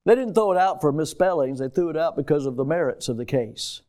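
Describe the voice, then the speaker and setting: High-voiced man preaching emphatically. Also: lively intonation, quick pace, few pauses. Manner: emphatic preaching that swings between loud stresses and hushed asides. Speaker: pastor. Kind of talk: sermon.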